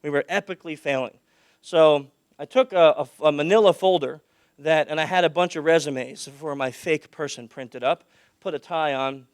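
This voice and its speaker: Guy doing a conference talk, kinda high smooth voice, loud then drops it low for stories. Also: dry recording, clean studio sound. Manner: projects loudly, drops his voice low for anecdotes. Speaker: conference speaker. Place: conference hall.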